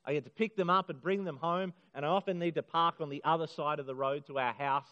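A middle-aged man preaching a sermon to a congregation, earnest and emphatic, slowing down on key phrases. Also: a little high, steady tone, bright, forceful tone. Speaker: pastor. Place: church hall. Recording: muffled sound in a hall with long reverb.

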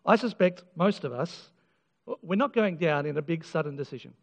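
A man's voice: fairly high pitch, animated, moderate pace. A man preaching a sermon, earnest and emphatic, with frequent restarts and touches of self-deprecating humour. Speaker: pastor. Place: church. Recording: dull lo-fi sound with long church reverb.

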